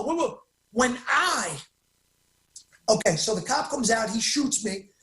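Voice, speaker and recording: Excitable man talking fast, roomy sound. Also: very high voice. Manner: excitable, rapid, emphatic, self-interrupting. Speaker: guest. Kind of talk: animated storytelling interview.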